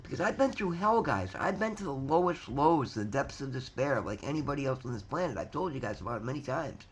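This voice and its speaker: An earnest man speaks straight to his viewers about gratitude and faith, his voice sitting at an ordinary middle pitch. He repeats himself, swears freely and keeps calling them "guys". A faint hum of background noise sits under his voice. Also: very animated, fairly quick. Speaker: motivational vlogger. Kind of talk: casual heartfelt monologue to camera.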